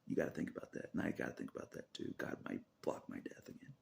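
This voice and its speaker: A man talking in an unscripted personal monologue, repeating phrases for emphasis, swearing often and swinging between loud declarations and muttered whispers. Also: quick pace. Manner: swears often and laughs to himself. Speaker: vlogger.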